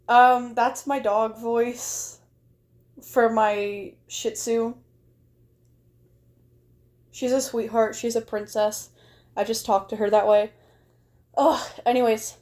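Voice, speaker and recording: Chatty woman livestreamer, higher voice. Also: darkish tone. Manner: rambling, chatty, heavy use of "like". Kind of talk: casual livestream chat.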